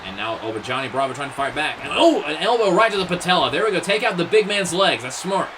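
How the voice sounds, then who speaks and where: Excitable man calling wrestling play-by-play. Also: on the high side, fast, noisy background. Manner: excitable, exclaims "oh" at every move, joking asides. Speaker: play-by-play commentator.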